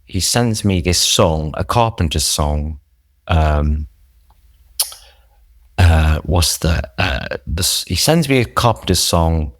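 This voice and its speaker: A man's voice: deep voice, expressive, slow, dry recording, studio quality. A man, a podcast guest, telling his recovery story in an earnest, reflective, rambling way with many restarts.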